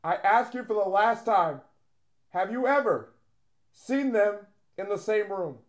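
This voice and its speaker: A man co-hosting a comedy radio show, talking loudly and playfully. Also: high-pitched, expressive, a little slow. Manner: loud, playful yelling.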